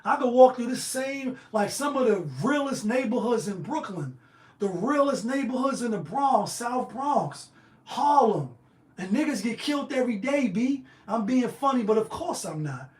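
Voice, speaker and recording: A man's voice: extremely high pitch, animated, moderate pace, darkish tone. A man hosting a livestream, delivering a profane, fiery monologue. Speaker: livestream host. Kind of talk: heated monologue. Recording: echoey room.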